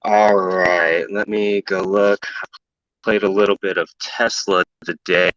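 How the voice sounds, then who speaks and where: Man, caller, low voice, muffled dull call audio, dry, casual chat. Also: level tone, measured pace, a bit bright, dry recording. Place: at work, audio only.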